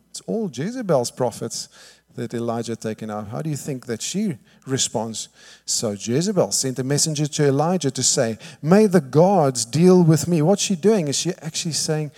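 A man preaching a sermon, telling the story lively, acting out the quotes and often asking "all right?". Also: on the high side. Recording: long hall reverb.

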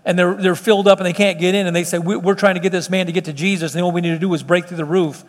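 In a church meeting room that sounds like a large hall, a middle-aged pastor preaches very fast in a high-pitched voice with fairly even intonation. He is earnest and conversational, and he often restarts his sentences.

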